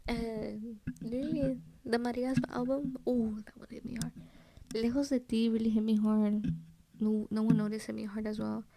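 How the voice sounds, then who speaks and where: Young woman podcaster, slangy and mellow. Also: fairly high pitch, gravelly, slight background noise. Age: young adult. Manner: slangy, mixes in Spanish phrases; drifts often into soft whispering. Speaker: solo podcast host. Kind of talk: casual storytelling.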